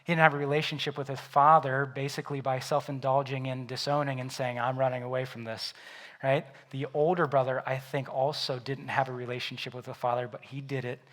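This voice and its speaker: A man preaching a sermon as pastor, animated and acting out the Bible characters in quoted voices. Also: mid-range voice, a little fast.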